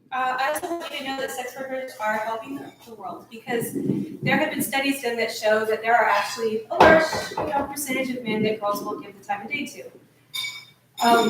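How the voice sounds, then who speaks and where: A woman's voice: on the high side, far from the mic. Female speaker, nervous but earnest address to a meeting; very echoey room, recorded from afar with noise behind. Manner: earnest, nervous, with restarts and laughs. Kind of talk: emotional speech. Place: meeting hall.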